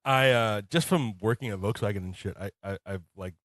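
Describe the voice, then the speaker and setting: A man's voice: lowish voice, a little fast, fairly bright tone, no echo, clean studio sound. A man co-hosting a casual beer-tasting podcast, rambling and filling his talk with "uh" and "like". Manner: rambling, full of fillers. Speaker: podcast co-host.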